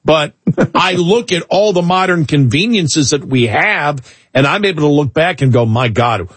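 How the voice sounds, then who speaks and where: A man's voice: fairly high pitch, moderate pace, slightly rough, no echo. A middle-aged man co-hosting a talk radio show, chatting casually with many restarts and an exasperated edge.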